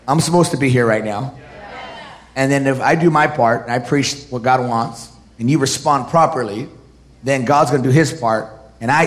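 A man preaching a sermon to his congregation, building up to shouted declarations. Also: mid-range voice, slight background noise. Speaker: pastor.

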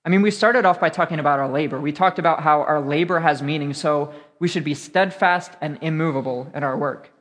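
Young man, pastor, preaching a sermon, earnest storyteller, fairly high voice, long hall reverb. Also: a little fast, few pauses, fairly bright tone.

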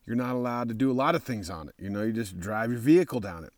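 Excitable, swearing man from Texas. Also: medium pitch, quick pace, no echo, studio quality. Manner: rambling, profane, excitable. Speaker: motorcycle traveler. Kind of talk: casual spoken travel story.

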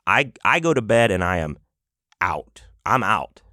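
A man's voice: fairly low pitch, big pitch swings, unhurried, bright, forceful tone, no echo, clean studio sound. A man hosting a podcast, telling a road story in a rambling, profane, casual way with lots of fillers and restarts. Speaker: podcast host.

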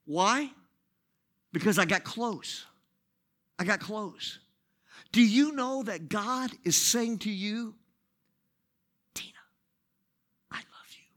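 A man preaching a sermon, dropping to hushed whispers and then rising to shouted, sing-song preaching. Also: high-pitched, expressive, slow pace, pauses often.

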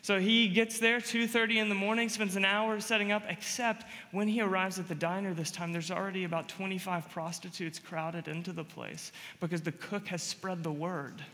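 A male pastor preaching a sermon and telling a story, moving between loud emphatic lines and quiet, hushed ones. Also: sits high, steady tone, moderate pace, few pauses, in a large hall.

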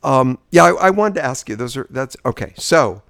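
A man's voice: mid-range voice, animated, moderate pace, gravelly, fairly bright tone, no echo. A man with a mid-range voice co-hosts a casual film podcast, recorded dry and close. He agrees easily and often repeats or rephrases his partner's points back to him. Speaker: podcast co-host.

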